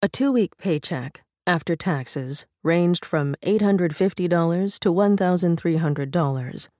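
Woman narrator with a low voice and dry, close sound; steady, measured delivery of a long-form article. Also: no room sound. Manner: measured, steady reading with a first-person reporter voice. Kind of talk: scripted narration.

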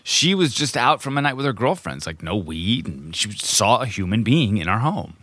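A man's voice: fairly low pitch, sing-song, normal speed, fairly bright tone, dry recording. A middle-aged man, a podcast co-host, telling a story in casual chat, acting out quotes and swearing freely.

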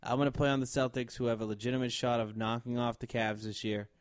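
A man co-hosting a sports podcast in casual chat, argumentative and excitable. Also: fast talker, dry recording. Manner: argumentative, excitable, with big swings in pitch. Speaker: podcast co-host.

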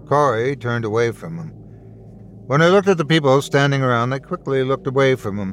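A man narrating a scary story in an expressive, storytelling way. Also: medium pitch, brisk, soft background music. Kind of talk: scripted horror story narration.

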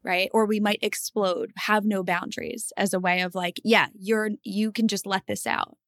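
A woman's voice: mid-range voice, little pitch movement, normal speed, a bit bright, no echo, clean studio sound. A woman co-hosting a casual podcast chat, talking reflectively and asking herself questions aloud. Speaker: podcast co-host, therapist.

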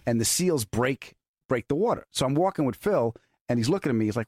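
A man hosting a podcast, telling a story in a deadpan way that builds to a punchline. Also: medium pitch, fast, dry recording, studio quality. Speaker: podcast host. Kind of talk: casual chat, storytelling.

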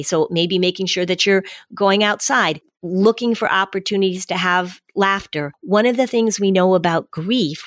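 A woman speaking as an expert guest on a podcast, giving measured advice and repeating key phrases to explain them. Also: on the low side, no echo, clean studio sound.

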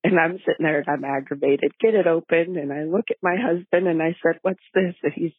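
A woman tells a family story in a recorded message, lively and mimicking her relatives. The sound is dry and a bit dull, like a lo-fi recording. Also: sits low, fast, breathy edge, no room sound. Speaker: caller.

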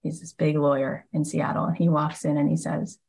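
A woman hosting a podcast, retelling an anecdote in a casual, animated way and often filling gaps with "like". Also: low voice, a little fast, creaky, husky, low-quality recording. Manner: animated retelling, frequent "like" fillers. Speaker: podcast host and coach. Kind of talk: casual storytelling monologue.

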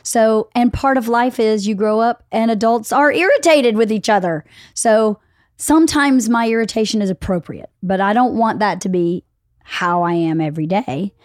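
A middle-aged woman hosting a casual podcast conversation, telling stories with lively acted-out quotes. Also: on the high side, normal speed, dry recording, clean studio sound. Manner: animated storyteller, acts out quotes. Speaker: podcast host.

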